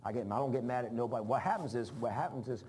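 A man's voice: medium pitch, fast, darkish tone, slight background noise. A man preaching an informal sermon, folksy and rambling, repeating phrases for emphasis. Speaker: pastor.

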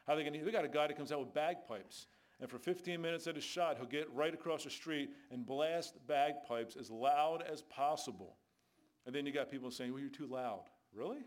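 Emphatic preacher man telling stories. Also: a little high. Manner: storytelling, emphatic, rhetorical questions. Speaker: street preacher. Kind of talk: sermon.

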